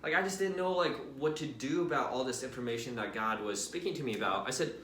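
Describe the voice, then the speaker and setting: A young man shares a personal testimony in a casual, lively way, talking straight to his viewers. His voice is bright and clear, at a middle pitch. The sound carries a noticeable room echo. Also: fast talker, a little hiss or hum. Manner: casual and animated, addresses viewers directly with "right?" and "you guys". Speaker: Christian vlogger.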